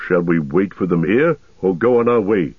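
A man voicing a gruff, wary male dwarf warrior who speaks bluntly and grimly. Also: low-pitched, expressive, moderate pace, dry recording. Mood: gruff, uneasy. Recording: tinny narrow-band radio sound.

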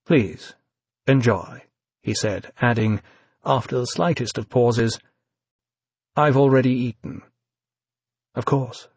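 A man narrating an audiobook in a measured, even reading. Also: mid-range voice, breathy edge, dry recording.

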